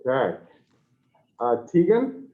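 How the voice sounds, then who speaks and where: A man's voice: mid-range voice, huge pitch swings, takes it slowly. A man teaching an online class, taking attendance in a scattered, self-correcting, apologetic way. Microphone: video call. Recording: tinny video call audio.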